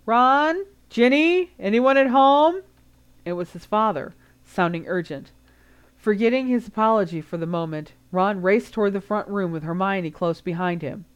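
Low-voiced woman reading a story. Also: moderate pace. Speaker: audiobook reader. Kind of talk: reading fan fiction aloud.

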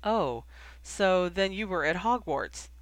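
A reader voicing an earnest, caring young man in a storybook reading, asking gentle questions. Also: medium pitch, expressive, slow, no echo.

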